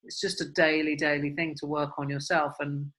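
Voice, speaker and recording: A woman's voice: low-pitched, level tone, brisk, fairly bright tone. A woman hosting a podcast over a video call, talking in an encouraging, chatty and rambling way. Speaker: podcast host. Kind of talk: casual video-call chat.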